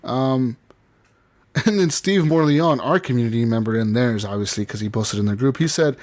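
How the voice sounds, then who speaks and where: Male podcast co-host, casual chat, rambling stories, swears a lot, laughs often, mid-pitched voice. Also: moderate pace, darkish tone.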